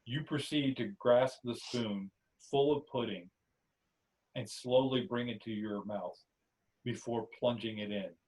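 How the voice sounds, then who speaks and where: A man hosting a podcast, reading a spiritual story aloud in a steady second-person telling. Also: medium pitch, measured pace, far from the mic, poor audio. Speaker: podcast host, story narrator. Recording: voice somewhat off-mic.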